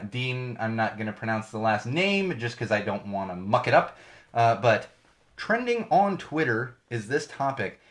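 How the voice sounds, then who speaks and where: A middle-aged podcast host rants and digresses through a solo episode recorded in his home studio, stressing lots of words. He has a lowish voice with a fairly bright tone.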